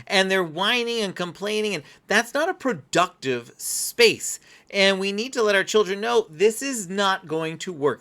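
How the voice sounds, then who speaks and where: A man's voice: high-pitched, sharp tone. A man giving an earnest, explanatory parenting lesson straight to camera. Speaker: parenting coach. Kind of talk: instructional talk to camera.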